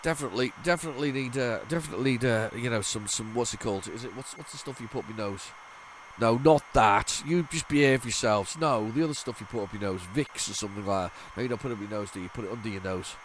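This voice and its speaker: A man's voice: mid-range voice, quick pace. A man talks his way through an old computer game in loose, rambling commentary, repeating and restarting his words as he goes. His nose is stuffed up and congested. A faint hiss of noise sits under his voice. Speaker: retro gaming channel host. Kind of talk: casual gameplay commentary.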